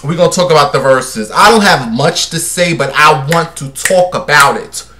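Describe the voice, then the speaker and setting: A man's voice: fairly high pitch, normal speed, sharp tone. A man hosting a casual gossip livestream, sassy and brash as he talks to his viewers. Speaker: livestream host.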